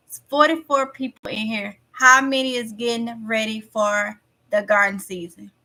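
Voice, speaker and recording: Bright-voiced woman with a Mississippi accent. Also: on the high side. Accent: Mississippi Southern. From Mississippi, USA. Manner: chatty, repeats herself, talks straight to viewers. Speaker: livestream host. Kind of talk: casual livestream chat reading viewer comments.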